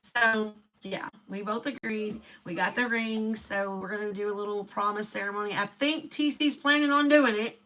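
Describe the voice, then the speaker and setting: A middle-aged woman, chatting casually and laughing often, dropping soft when she reflects. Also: medium pitch, steady tone, normal speed, few pauses. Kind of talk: casual chat.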